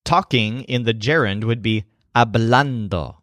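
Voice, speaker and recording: A man's voice: medium pitch, unhurried, a bit bright, no room sound. Man narrating a language lesson, dry sound. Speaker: language teacher.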